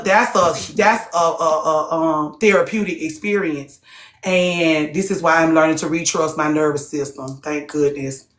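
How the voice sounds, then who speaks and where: With a lowish, slightly bright voice, a woman hosts a live group talk, speaking bluntly and profanely while firing rhetorical questions at her listeners. The heated, casual talk is recorded with echoey room sound.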